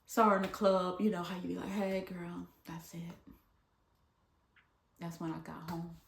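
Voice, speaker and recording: A woman from Michigan telling a casual storytime, acting out the people she quotes and at times dropping to a hush. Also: on the low side, fast talker, creaky, a little hiss or hum. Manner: animated, dramatic retelling with voiced quotes; drops to hushed near-whispers at times. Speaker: vlogger. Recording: echoey room.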